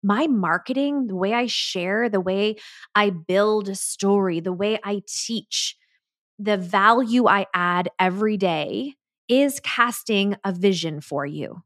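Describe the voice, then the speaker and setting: A woman's voice: medium pitch, fairly bright tone, dry recording. An enthusiastic woman delivers a solo podcast monologue with emphatic, motivational energy. Her voice is recorded dry and close, with no room sound around it. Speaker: podcast host and business coach.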